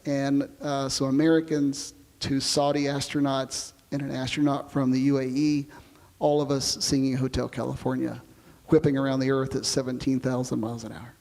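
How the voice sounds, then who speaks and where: Male astronaut interviewee, gravelly, easy storyteller, reverberant recording. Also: mid-range voice, normal speed. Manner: relaxed storytelling, explains with comparisons. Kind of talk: oral history interview.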